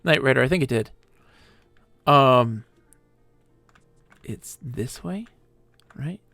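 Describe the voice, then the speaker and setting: A man's voice: mid-range voice, lively intonation, slow pace, gravelly, fairly bright tone, soft background music. A man streaming a game live, chatting with viewers and talking to himself as he plays. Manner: chatty, talks to viewers and himself while playing. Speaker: gaming streamer. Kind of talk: live-streamed gameplay chat.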